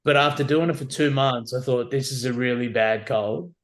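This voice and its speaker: A man's voice: medium pitch, moderate pace. A man in his forties, a podcast guest telling candid, wry stories in casual conversation, often adding "like" and "you know what I mean". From Australia.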